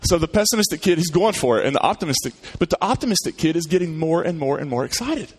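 Male pastor with a slightly higher voice, delivering a relaxed, conversational sermon with restarts. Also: fast talker, husky. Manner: conversational storyteller with repeated restarts. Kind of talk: sermon and prayer.

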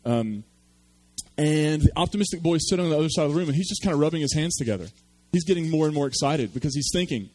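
A man's voice: on the high side, fast talker, darkish tone. A man preaching a sermon, telling a story with self-deprecating humor. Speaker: pastor.

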